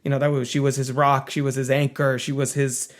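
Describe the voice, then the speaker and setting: A man's voice: medium pitch, little pitch movement, a little fast. A man co-hosting a casual film podcast, talking thoughtfully with frequent restarts. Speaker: podcast co-host.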